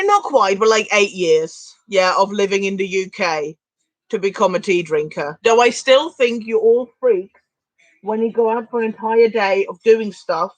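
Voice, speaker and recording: A woman from Switzerland co-hosting a live stream in casual chat, talking quickly with lots of fillers. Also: mid-range voice, dry recording, low-quality recording.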